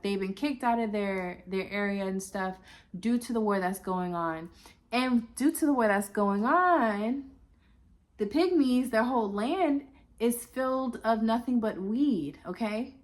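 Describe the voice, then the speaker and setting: A woman's voice: fairly high pitch, measured pace. A woman vlogging to camera in casual chat, rambling and chatty with many filler asides.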